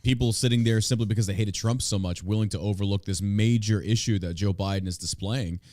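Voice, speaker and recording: A man's voice: lowish voice, fairly even intonation, a little fast, a little mellow, dry recording. A man hosting a podcast in casual chat, blunt and opinionated, with crude banter. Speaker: podcast host.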